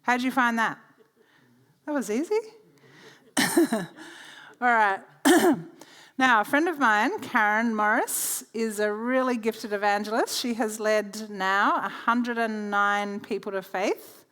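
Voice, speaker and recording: A woman's voice: on the high side, slow pace, fairly bright tone. Chatty woman teaching a workshop. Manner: chatty storytelling, laughs easily. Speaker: workshop presenter. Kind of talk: teaching workshop talk with personal stories. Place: church.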